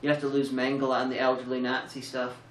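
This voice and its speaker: A woman's voice: very deep voice, completely flat delivery, quick pace. A woman co-hosting a casual film review, tired and rambling through sarcastic, jokey riffs with plenty of restarts. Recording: roomy, distant mic.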